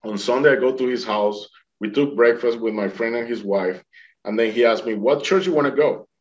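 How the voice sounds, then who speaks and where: A man's voice: fairly low pitch, normal speed. A middle-aged man speaking English as a second language, telling his own story in an interview and acting out what others said. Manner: animated, acts out the dialogue of others; non-native English grammar. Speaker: near-death experience survivor telling his story. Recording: dull lo-fi recording.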